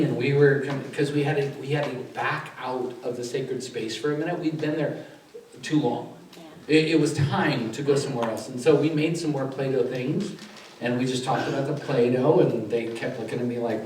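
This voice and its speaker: A man speaking as a chaplain at a conference, telling a story with lively acted-out dialogue. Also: mid-range voice, quick pace. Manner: animated storyteller acting out a child counseling session. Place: conference hall. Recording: echoey hall, far from mic, faint noise.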